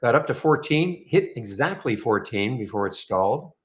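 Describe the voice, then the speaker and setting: A man's voice: mid-range voice, big pitch swings, moderate pace. A man hosting a live trading room, chatting in a rambling, self-correcting way.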